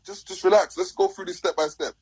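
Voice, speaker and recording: A man's voice: high-pitched, fairly even intonation, fairly quick, darkish tone, slightly rough, dry recording, rough recording. A man arguing on a live stream video call, demanding answers and cutting in with repeated questions. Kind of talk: heated live stream argument.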